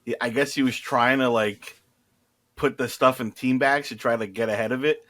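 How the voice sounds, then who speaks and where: Male podcast co-host, bright voice, animated, laughs mid-story. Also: medium pitch, normal speed. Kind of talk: casual chat.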